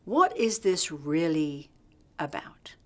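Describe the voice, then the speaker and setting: A middle-aged woman teaching leadership through a hospital story, telling it in a lively way and acting out the dialogue. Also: deep voice, slow. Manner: lively, acts out quoted dialogue. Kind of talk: storytelling workshop talk.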